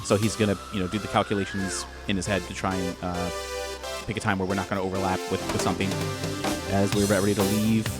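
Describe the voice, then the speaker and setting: A man's voice: low voice, little pitch movement, fast talker, over music. Man narrating a role-play, loose and rambling. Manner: loose, filler-heavy narration. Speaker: game master.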